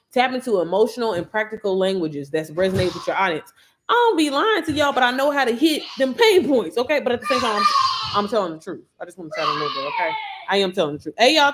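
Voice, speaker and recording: Woman host, casual livestream coach, chatty and slangy, speaks to the audience, lively swings in pitch and volume. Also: slight background noise. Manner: chatty, slangy, addresses viewers directly. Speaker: online business coach.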